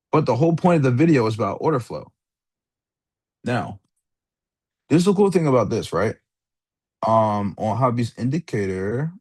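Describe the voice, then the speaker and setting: A young man walks through a trading lesson in a loose, rambling way, dropping slang and curses as he goes. His voice is a little husky and swings widely in pitch, sometimes rising high and sometimes dropping low. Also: a little mellow. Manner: laid-back slangy rambling, swears freely, calls listener dog and bro. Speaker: trading mentor. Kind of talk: casual screen-share trading lecture.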